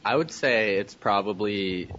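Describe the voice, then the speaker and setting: A man guesting on a casual gaming podcast, speaking in a measured, thoughtful way. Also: fairly low pitch, a bit bright. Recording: dull lo-fi sound, faint noise.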